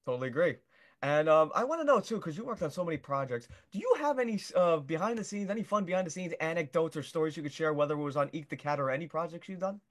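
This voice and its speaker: Quick-talking, eager male interviewer. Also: on the high side, expressive. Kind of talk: casual interview chat.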